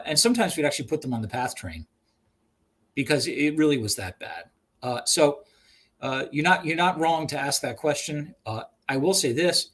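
A man working as a regional trail manager answers webinar questions over a video call, halting often with fillers and restarts. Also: medium pitch, fairly bright tone, slightly rough.

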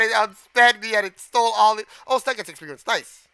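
A man streaming a game live, giving excitable commentary, gasping, shouting and swearing at the screen. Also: sits high, brisk, vocal fry, few pauses, clean tone, no room sound.

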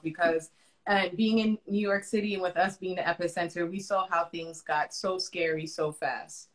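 A woman's voice: on the low side, steady tone, moderate pace. A woman with a Caribbean accent hosting a casual interview over a video call, talking in a chatty way with many fillers and restarts. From Florida. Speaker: interview host.

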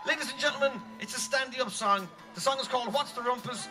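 A man's voice: very high voice, fast talker, hardly any pauses, music in the background, a crowd in the background. A man fronting a band, telling a comic story on an outdoor stage, scatting tunes as he goes. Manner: animated, comic, scats tunes mid-story.

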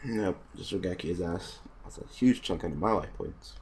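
A man's voice: deep voice, normal speed, a little mellow, a little hiss or hum. Laid-back mumbling man playing card games. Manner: laid-back mumbling, swears, gets exasperated at opponent. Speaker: gaming YouTuber. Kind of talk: casual commentary over an online card game.

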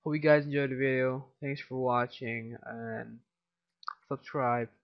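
Tired teen male gamer doing casual commentary, gravelly voice, cursing often, dull lo-fi mic. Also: medium pitch, steady tone, unhurried. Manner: tired, mumbling, swears a lot. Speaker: gameplay commentator.

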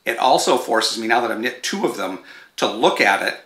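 A man's voice: lowish voice, animated, moderate pace, sharp tone, echoey room. A man hosting a home knitting show, chatting casually and digressively to the camera and breaking off to talk to his dogs.

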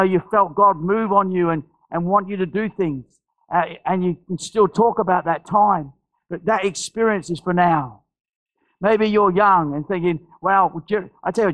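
A male pastor from Australia delivering an impassioned sermon and altar call, repeating phrases and restarting sentences as he presses the point. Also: rough recording. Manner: impassioned, repetitive preaching with many restarts; drops to soft, low storytelling voice for anecdotes.

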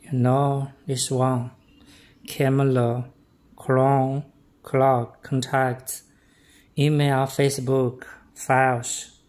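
A man walks through a product demonstration in broken, simple English. His delivery is slow and unhurried, and his pitch stays flat and even as he pieces together short, halting phrases. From China.

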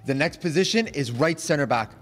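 A man hosting a casual auction game, announcing each bid in a steady auctioneer cadence. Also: a little high, brisk, long reverb tail, faint music behind. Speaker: auctioneer host. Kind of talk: casual group chat.

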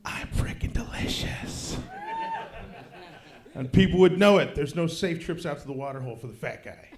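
A man in his thirties doing stand-up comedy on a club stage, swinging from low mutters to loud shouted punchlines. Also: expressive, fast. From Kansas City, United States. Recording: roomy club sound.

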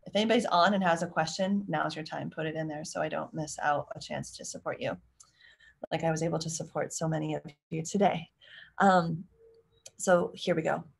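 A woman in her thirties with a low, gravelly voice coaching parents live. She talks in a chatty, easy way and slips into short acted lines as parent or child. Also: steady tone, fairly quick. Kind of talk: live-stream Q&A.

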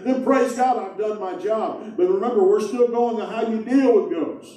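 A man's voice: high-pitched, fairly even intonation, brisk, hardly any pauses, warm tone. A man preaching a sermon as pastor, folksy and emphatic, asking the congregation rhetorical questions. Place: large church hall. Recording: echoey hall heard from a distance.

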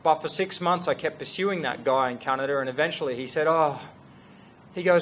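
A middle-aged man, a fashion brand founder telling a story to an audience in an earnest, animated way with restarts. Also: a little high, a little fast, a little hiss or hum. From Australia.

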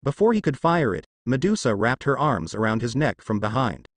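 A man narrating a fan fiction story with steady storytelling delivery. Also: medium pitch, normal speed, no room sound.

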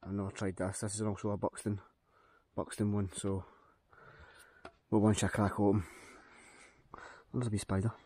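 In a forest, an outdoor vlogger from Scotland talks to camera in a chatty, upbeat way, musing aloud. His lowish voice is mellow and husky with a flat delivery, moderate pace and frequent pauses, and the recording is dry.

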